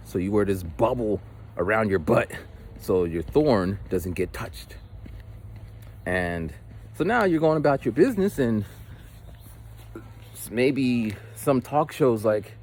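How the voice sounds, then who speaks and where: A man's voice: on the low side, sing-song, a little slow, pauses often. A man vlogging while walking, chatting casually and rambling, with frequent swearing. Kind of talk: casual walk-and-talk monologue. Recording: walking outdoors with faint street noise.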